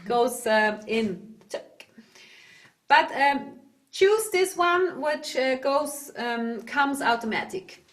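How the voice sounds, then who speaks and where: A woman with a Swiss German accent teaching yodel online, explaining in halting English and breaking into loud calls and dog barks. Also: sits high, animated. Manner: halting, searches for words. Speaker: yodel instructor. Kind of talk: online singing lesson. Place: home, video call.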